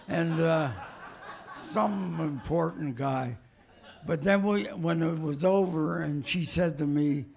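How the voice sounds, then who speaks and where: An older male comedian reminiscing in an interview, telling anecdotes warmly with frequent repetition. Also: on the high side. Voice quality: gravelly. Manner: warm anecdotal storytelling, repeats himself.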